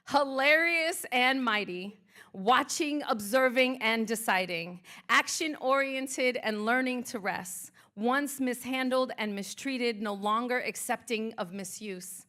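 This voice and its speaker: A woman's voice: a little high, sharp tone. A woman motivational speaker performing spoken word live, leading the crowd in rhythmic, declarative affirmations. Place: art museum event space.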